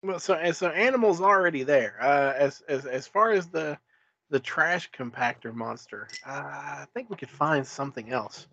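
A man's voice: on the high side, lively intonation, normal speed, vocal fry, a bit bright, no echo, muffled recording. A man in casual podcast chat, talking hesitantly with many filler words and restarts.

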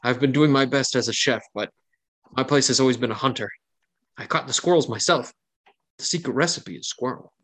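A man's voice: mid-range voice, brisk, fairly bright tone, lightly acted. A man voicing an eager young hunter in his twenties who works as a camp cook, earnest and stammering, forever making promises. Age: 20s.

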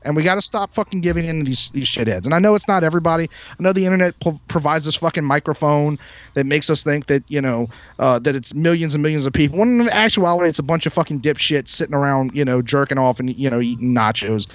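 Sex: man. Role: podcast host. Style: heated, profane rant. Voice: fairly high. Sound: dull, dry, lo-fi. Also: fast talker, no room sound. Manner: heated, profane, emphatic ranting. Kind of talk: ranting podcast monologue.

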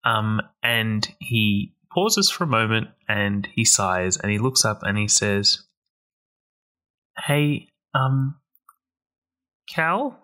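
A man playing a character in a tabletop role-play podcast, relaxed, with halting restarts. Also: on the low side. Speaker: player and podcast co-host.

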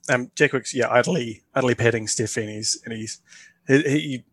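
A man player who narrates his character's actions in a soft, halting way. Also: mid-range voice, breathy edge, dry recording. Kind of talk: tabletop game play.

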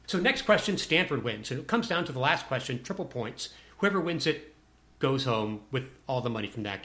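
A man's voice: on the high side, fairly bright tone. A man telling a personal anecdote to a listener in a wry, self-deprecating way.

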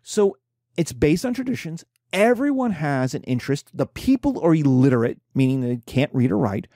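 Lively, mellow-voiced male lecturer. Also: a little high, normal speed, no echo, clean studio sound. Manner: animated storytelling, acting out characters. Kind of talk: informal lecture.

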